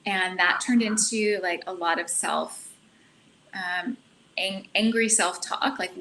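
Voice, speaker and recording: Guest, woman, middle-aged, earnest and animated, bright tone, faint noise behind. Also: fairly low pitch, slow pace, low-quality recording. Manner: earnest, animated, self-reflective. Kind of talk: casual storytelling.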